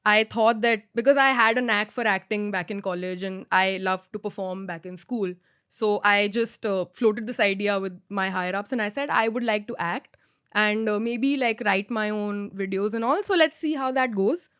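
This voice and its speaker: A woman's voice: medium pitch, moderate pace, fairly bright tone, clean tone, no room sound, clean studio sound. A young woman from India, a podcast guest, talking casually with self-deprecating humor and frequent laughter.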